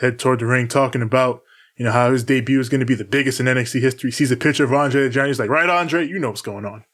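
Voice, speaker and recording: A man's voice: mid-range voice, flat delivery, racing, a bit bright. A man hosting a casual wrestling recap, narrating the matches, acting out the wrestlers' lines and laughing often. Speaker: podcast host.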